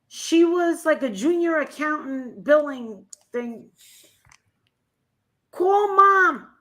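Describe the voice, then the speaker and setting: A woman with a New Jersey accent, co-hosting a casual chat, loud and blunt and swearing freely. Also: high voice, lively intonation, slow.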